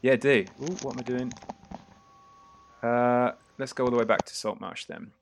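A man narrating a tabletop game as game master, casual and prone to quick restarts. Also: medium pitch, steady tone, creaky, slight background noise.

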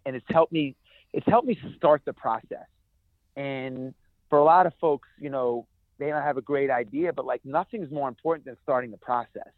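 Guy guest in an interview, energetic storyteller, dry tinny sound. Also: medium pitch, dry recording. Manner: energetic storyteller, many restarts. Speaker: guest, ultrarunner. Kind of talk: conversational interview.

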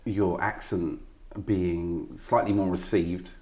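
A man's voice: deep voice, steady tone, slow, dark tone. A man from Zimbabwe hosting a casual podcast interview, asking long, rambling, playful questions. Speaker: podcast host.

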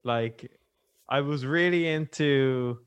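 A young man, a musician guest on a podcast, chatting in a relaxed, easygoing way. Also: medium pitch, takes it slowly, smooth, highs cut off. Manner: relaxed, easygoing, reactive interjections. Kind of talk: casual chat.

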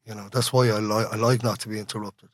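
A man's voice: on the low side, level tone, fast talker, no room sound. A man with an Irish accent talking as an interview guest, rambling and candid, laughing often and swearing freely. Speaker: guest, musician. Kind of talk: casual conversational interview.

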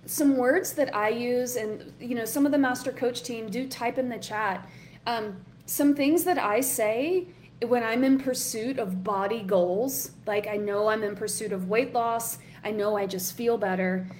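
A woman's voice: fairly high pitch, darkish tone, slight background noise. A woman hosting a live online workshop as a coach, chatty and encouraging, reading out comments from the chat. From Southern US.

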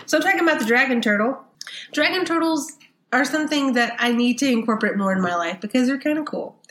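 A woman's voice: sits high, lively intonation, quick pace, a bit bright. A woman with a Texan accent, co-hosting a casual podcast, chatting and laughing a lot as she reads out monster lore. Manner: giggly, bubbly, chatty. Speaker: podcast co-host. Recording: roomy sound.

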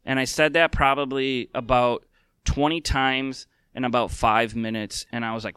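A man talks candidly and from the heart, filling his pauses with ums and restarts. His voice is bright and very clear. The sound is dry and close, with no room behind it. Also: medium pitch, steady tone, no echo. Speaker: podcast host. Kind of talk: casual personal talk.

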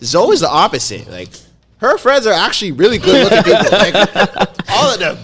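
A man talking fast and loosely on a podcast, swearing and riffing with friends. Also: sits high. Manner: fast, animated, profane banter. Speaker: podcast host. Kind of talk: casual chat.

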